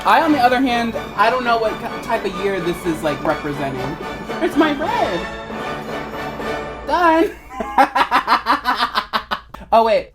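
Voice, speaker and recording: Girl in her 20s rambling and giggling while she paints her face, kinda high voice, cussing a lot, slow chatty pace. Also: lively intonation, over music. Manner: giggly, rambling, swears freely. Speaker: vlogger. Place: bedroom.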